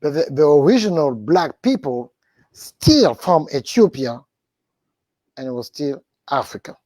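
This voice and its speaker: A man's voice: a little high, very animated, unhurried, mellow, no echo. A man in a casual conversation, speaking emphatically and repeating words when he gets worked up. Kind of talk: casual chat.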